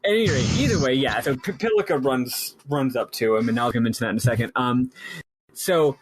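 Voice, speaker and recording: A man's voice: medium pitch, noisy background. A man hosting a podcast, casually recapping a story game in a rambling way. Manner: rambling, lots of fillers and quick paraphrased quotes. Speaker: podcast host.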